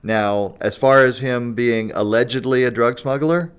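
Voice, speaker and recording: A man's voice: medium pitch, fairly even intonation, a little slow, clear, resonant tone. A man telling a long story in a casual podcast chat. He laughs often and keeps checking in with "right?" and "you know". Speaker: guest storyteller.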